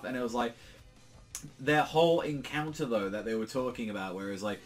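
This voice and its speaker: With faint music behind him, a young British man reviews a manga chapter in casual solo chat, his medium-pitched, fairly bright voice animated and moderately paced. He rambles along with plenty of fillers and swearing, breaking into jumpy bursts of exaggerated quoted voices.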